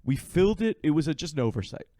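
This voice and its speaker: A man co-hosting a podcast, fussy and deadpan, nitpicking details in improvised comedy banter. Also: fairly high pitch, fast talker, no room sound. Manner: fussy, fact-checking, deadpan. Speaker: podcast co-host in an improv bit.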